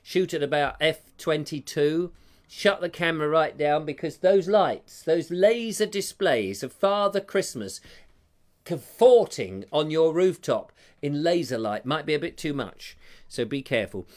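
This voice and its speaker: A man's voice: a little high, lively intonation, unhurried. A man hosting a live stream, reading out viewer comments in a jokey, rambling, self-mocking way. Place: home room with a fire.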